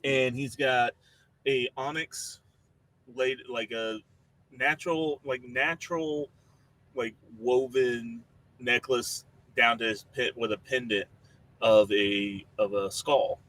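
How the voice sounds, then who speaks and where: A man's voice: medium pitch, fairly even intonation, slow pace, fairly bright tone, no echo. Rambling man describing his game character. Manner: rambling, full of fillers. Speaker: tabletop game player.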